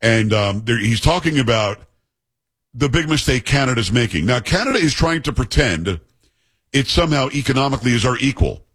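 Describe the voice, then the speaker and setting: A middle-aged man hosts a talk show in a loose, chatty way, tossing in jokes and teasing asides. His voice is a little husky and sits at an ordinary pitch. The sound is dry and close, with no room echo. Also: expressive, a little fast, a bit bright. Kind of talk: casual talk radio monologue and banter.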